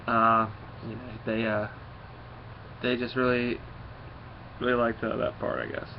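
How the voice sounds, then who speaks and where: A man's voice: mid-range voice, flat delivery, moderate pace, highs cut off, slight background noise. A man giving a casual comic book recap, rambling and full of fillers.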